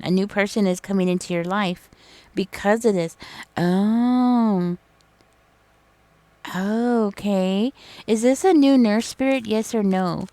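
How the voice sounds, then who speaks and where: A woman's voice: mid-range voice, darkish tone, no room sound. A woman giving a casual tarot reading, chatty and rambling as she thinks aloud. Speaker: tarot reader.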